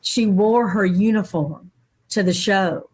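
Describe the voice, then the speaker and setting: Woman, middle-aged, interview guest, lively storytelling, acts out quoted voices. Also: medium pitch, slow, breathy edge. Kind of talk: personal storytelling in a casual interview.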